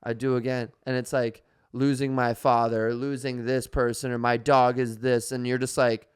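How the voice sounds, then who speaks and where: A young man co-hosting a casual podcast, talking in a lively, storytelling way and slipping into quoted voices for his reactions. His voice is smooth and clear, sitting in a middle pitch. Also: normal speed. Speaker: podcast co-host. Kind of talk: casual chat.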